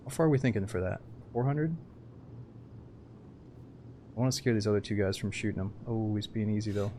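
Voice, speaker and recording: A male game streamer with a fairly low voice, riffing loosely through live gameplay commentary. He swears freely, jokes around and gets loud and excitable when the action picks up. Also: brisk, a little hiss or hum. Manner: excitable, profane, joking banter.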